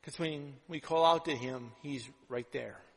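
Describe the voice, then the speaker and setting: A man's voice: on the high side, measured pace, breathy edge. Man preaching in a reverberant hall. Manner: conversational preaching full of "right?" asides; swings between loud and hushed delivery. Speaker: pastor. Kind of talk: sermon.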